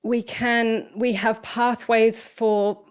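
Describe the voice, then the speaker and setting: A woman's voice: on the high side, little pitch movement, slow, clear, resonant tone. A woman in her forties with an Australian accent, a podcast guest telling stories in casual conversation and swearing freely. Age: 40s. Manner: frank storytelling with frequent swearing. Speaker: podcast guest, speaker and coach.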